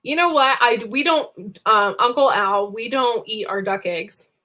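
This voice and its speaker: A woman's voice: fairly high pitch, a little slow, bright, forceful tone. Bubbly young woman chatting live, rambly, lots of ums and giggles. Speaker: livestream host. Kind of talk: casual live chat.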